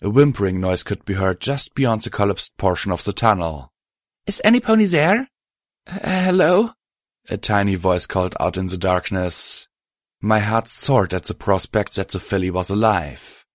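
A man narrating a story aloud in a steady, even storytelling manner. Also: deep voice, normal speed, dry recording, studio quality. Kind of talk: scripted audiobook narration.

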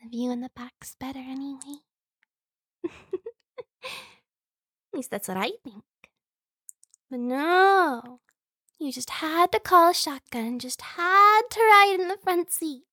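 Woman voicing a high-voiced, giggly younger sister, slow and teasing, whispered role-play, dry and close. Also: animated, a bit bright, no echo, heavily acted. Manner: playful, breathy whispering with frequent giggles.

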